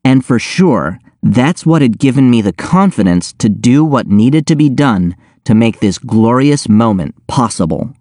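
A man narrating an audiobook in the first person with a wry, deadpan delivery. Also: medium pitch, measured pace, few pauses, no room sound, clean studio sound.

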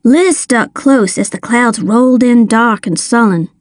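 A woman narrating a first-person story in a measured, expressive audiobook reading. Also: on the high side, dry recording, studio quality.

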